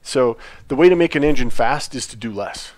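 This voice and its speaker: Male dev co-host, mid pitch, animated and opinionated, casual livestream banter. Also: a little fast.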